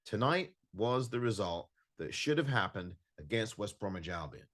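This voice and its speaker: A man with a low voice hosts his own football podcast from home. He sounds frustrated and emphatic, hammering points by repeating them. His pitch rises and falls widely as he talks. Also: expressive, normal speed, fairly bright tone. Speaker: podcast host. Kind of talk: solo podcast match review. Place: home recording in California.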